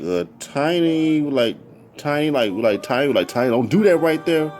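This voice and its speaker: A man casually telling a story from his past, animated and full of repeated "I'm like" asides. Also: mid-range voice.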